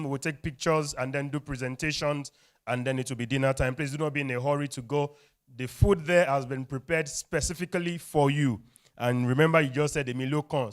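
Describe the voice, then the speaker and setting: A man with a Nigerian English accent emcees a live event with energetic call-and-response. His voice is smooth and clear and sits a little high. He sounds upbeat and draws the crowd along. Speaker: event host. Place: event hall.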